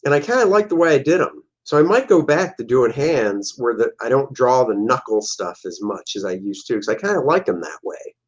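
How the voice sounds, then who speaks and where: A man's voice: medium pitch, sing-song, a little fast, few pauses, highs cut off. A man, a comic artist, casually talking through his own old artwork, joking and making silly sound effects. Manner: jokey, playful, makes silly sound effects.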